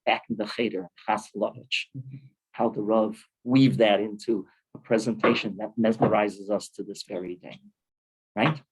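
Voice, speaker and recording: A man teaching a lively weekly Torah class in a synagogue, animated and full of Hebrew terms. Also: fairly low pitch, husky, rough recording. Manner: animated, with many Hebrew terms and quick laughs.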